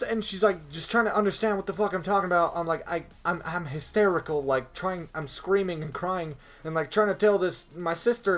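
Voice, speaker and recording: Animated young man telling a story. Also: brisk, hardly any pauses. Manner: animated, swearing, acts out scenes in high screaming voices. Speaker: vlogger. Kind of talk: storytime vlog.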